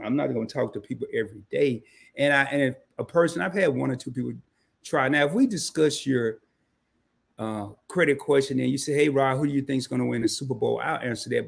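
Male live-stream host with a gravelly, raspy voice, loose and slangy, chatting straight to his viewers. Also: mid-range voice. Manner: loose slangy banter, greets viewers by name; frequent fillers and self-corrections. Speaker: credit card channel host. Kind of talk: casual live stream talk to chat.

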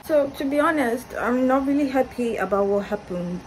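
A woman's voice: high-pitched, animated, moderate pace, few pauses, slight background noise, low-quality recording. A young woman vlogging candidly in casual, slangy talk from her hostel room, recorded on a phone camera. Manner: candid, upset and ranting, slangy. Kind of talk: casual vlog chat.

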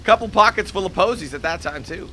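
Excitable, cursing gameplay commentator man. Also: sits high, fast talker, slight background noise. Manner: excitable, swears a lot, yells when panicked. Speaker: let's play commentator.

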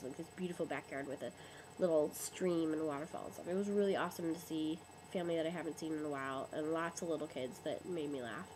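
A woman's voice: sits low, darkish tone, a little hiss or hum, low-quality recording. A young woman who is sick and losing her voice, chatting in a rambling, casual webcam vlog. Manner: chatty, rambling, lots of ums. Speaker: vlogger.

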